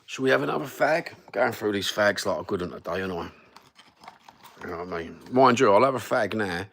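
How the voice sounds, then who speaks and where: A man's voice: on the low side, lively intonation, a little fast, creaky, a bit bright, slight background noise. A middle-aged man with a Cockney accent, rambling through sweary stories on a livestream. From East London, England. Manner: sweary, rambling, matter-of-fact. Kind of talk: rambling storytelling.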